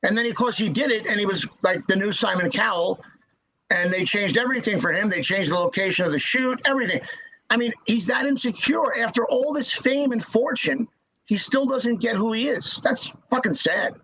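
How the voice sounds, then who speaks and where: A man telling stories as a podcast guest in casual chat, halting and repeating words as he restarts. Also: high-pitched, sharp tone, breathy edge, poor audio.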